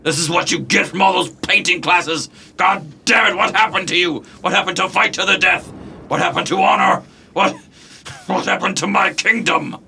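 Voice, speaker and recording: A man voicing a blustering, furious old king who shouts scornfully at his son. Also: high voice, moderate pace, vocal fry, a little hiss or hum, pitched above the performer's own voice, heavily acted.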